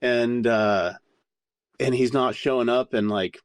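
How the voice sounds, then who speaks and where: A man telling a candid story as a podcast guest, animated and full of swearing. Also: medium pitch, slow pace, clear, resonant tone, no room sound, studio quality. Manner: profane, animated anecdote-telling.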